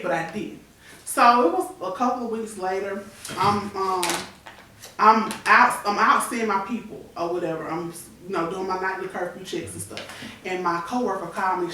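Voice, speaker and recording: A woman's voice: mid-range voice, moderate pace, background noise. A woman in her thirties candidly recounting a painful personal story on a talk show, acting out the people she quotes. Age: 30s. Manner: candid, tearful retelling with acted-out quotes. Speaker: guest. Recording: echoey room, voice from far off the mic.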